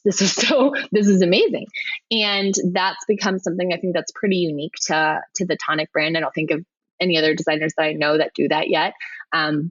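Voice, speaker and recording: A woman in her thirties, a web designer telling her story as a podcast guest, animated and laughing often. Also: deep voice, no echo, dull audio. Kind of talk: conversational storytelling.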